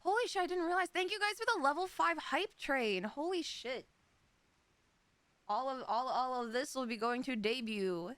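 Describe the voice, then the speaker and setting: An American woman streamer chatting casually, giggly and excitable. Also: high voice, moderate pace, no echo. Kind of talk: casual live-stream chat.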